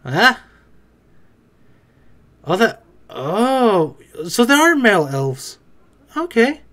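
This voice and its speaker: A casual reaction-video voice that jokes its way through an anime episode. The delivery is slow and drawn out, with mid-range pitch, and it breaks into loud excited outbursts.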